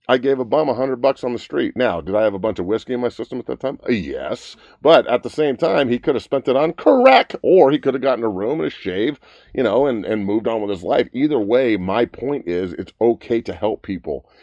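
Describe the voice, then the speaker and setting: A man's voice: lowish voice, animated, fairly quick, mellow, no room sound, dull audio. A man in his thirties hosting his own talk show, ranting bluntly and profanely about the news. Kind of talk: profane opinion rant.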